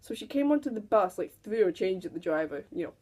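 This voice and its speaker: A woman's voice: medium pitch, expressive, fast, a little mellow, breathy edge. A teenage girl telling stories to camera in a casual, giggly way, now and then mimicking people. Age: teens. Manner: chatty, giggly, mimics people in quoted voices. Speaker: vlogger.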